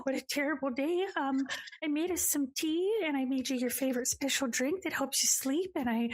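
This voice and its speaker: A woman voicing a tiny, sweet, chatty old grandmother who dotes on her granddaughter. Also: medium pitch. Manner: doting, chatty, tearful.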